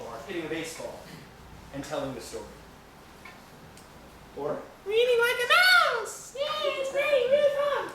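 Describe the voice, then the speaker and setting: A higher-voiced man from America runs a teacher training, his pitch swinging up and down as he plays with voices. He sounds far from the mic in a very echoey room, and there is clear background noise. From United States. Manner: animated, playful, acts out silly reading voices. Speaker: English teacher giving a training.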